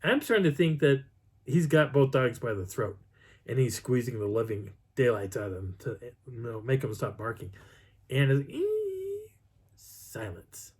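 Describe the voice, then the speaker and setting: A man's voice: mid-range voice, normal speed, husky. A man casually telling a personal story and acting out the sounds and voices as he goes. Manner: animated, acts out sounds and voices. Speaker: channel host.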